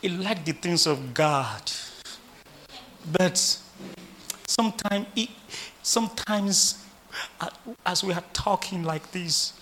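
A preacher quoting a young woman who earnestly confides in her pastor about her boyfriend, in a softer, lower voice. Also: slow, pauses often, a little hiss or hum.

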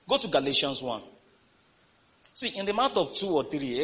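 A man's voice: a little high, normal speed, pauses often. A male pastor preaching a sermon in a church, reading scripture and calling on the congregation to respond. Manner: lively preaching with call-and-response.

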